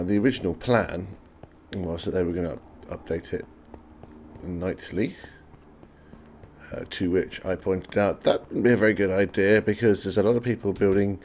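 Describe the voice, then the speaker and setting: A man with a sore throat and a croaky, gravelly voice, chatting casually and swearing freely as he comments on his own gameplay. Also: fairly low pitch, a little hiss or hum. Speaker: let's play host.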